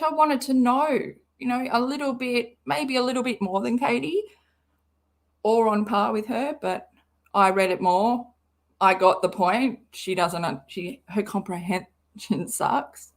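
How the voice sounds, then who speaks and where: A woman streamer with a slightly raised pitch gives unhurried live commentary. She rambles, loses her thread and drops sarcastic, foul-mouthed asides. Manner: sarcastic, rambling, swears freely. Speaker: livestream commentator.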